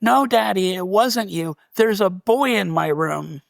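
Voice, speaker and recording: A man's voice: high voice, unhurried, creaky, no echo, studio quality. A man voicing his frightened toddler son, teary and pleading in a raised voice. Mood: scared.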